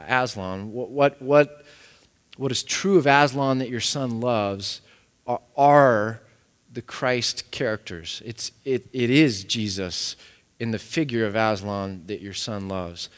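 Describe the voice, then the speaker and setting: A man's voice: mid-range voice, slow pace. A man preaching a sermon in an earnest, searching way, often restarting his phrases. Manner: earnest, repeats words as he restarts. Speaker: pastor. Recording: echoey hall.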